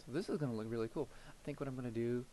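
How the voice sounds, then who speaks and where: A man's voice: mid-range voice, very fast, slight background noise, poor audio. Young male let's-play host, mid-range voice, meandering casual chat, mutters to himself while building. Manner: rambling, thinks aloud while building, trails off into soft murmurs. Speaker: gameplay commentator.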